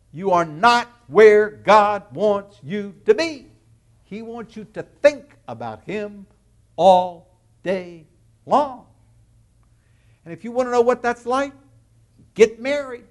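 Male pastor, sermon delivery; high, animated pitch, deliberate slow pacing. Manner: expressive preaching, slow and emphatic with sudden quick asides.

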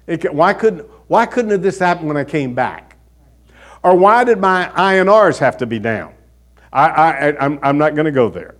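A male pastor, older, preaching a conversational sermon and telling a personal story with lively, animated delivery. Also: normal speed. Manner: animated, conversational storytelling with a wide swing of pitch.

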